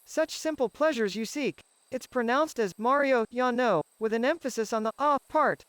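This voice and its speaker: Smug, theatrical tailed creature with a very high squeak. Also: male voice, normal speed, fairly bright tone, clear, resonant tone, dry recording. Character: pompous high-voiced male tailed creature.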